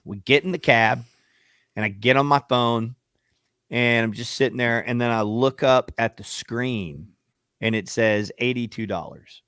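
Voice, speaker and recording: A man's voice: mid-range voice, unhurried, smooth, dry recording, clean studio sound. Profane storytelling radio co-host, male. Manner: profane, acts out shouting matches in quotes. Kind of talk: animated storytelling.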